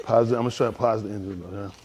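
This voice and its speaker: A man leading a group class with a lively, bouncing voice that climbs high when he teases. He jokes, laughs and calls out drills in an animated coaching manner, pitched a bit above most men. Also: brisk. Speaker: class instructor.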